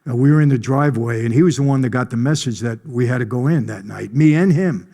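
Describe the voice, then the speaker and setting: A man on a conference stage recounts a personal story with a mellow, warm tone. He talks emphatically and conversationally, stressing key moments and pausing now and then to clear his throat. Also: medium pitch, big-room sound. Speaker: conference speaker.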